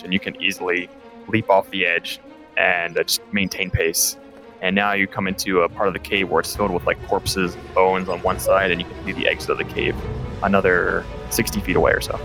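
A man's voice: deep voice, level tone, fairly quick, a bit bright, soft background music. A man narrating as game master of a tabletop game, in a loose, chatty way with filler words.

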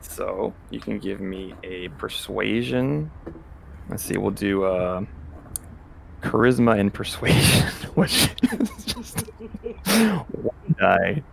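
A man with a very deep, gravelly voice running a tabletop game. He describes scenes loosely and with plenty of fillers. A faint hiss sits under the voice. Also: very animated, slow, pauses often. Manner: loose, filler-heavy narration with laughs. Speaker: game master.

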